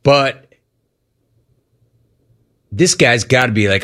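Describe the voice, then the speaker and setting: A man's voice: on the high side, animated, moderate pace, a bit bright. Emphatic sports radio host, man. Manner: emphatic, repeats key lines for punch. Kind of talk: sports talk radio monologue. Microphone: studio broadcast mic.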